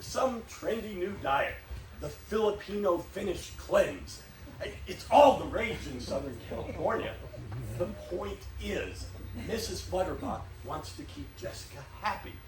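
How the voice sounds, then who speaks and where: An actor playing a harried, desperate theater staffer who scolds with exasperated insistence, in a live stage play. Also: male voice, high-pitched. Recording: echoey stage, distant mic, faint hiss.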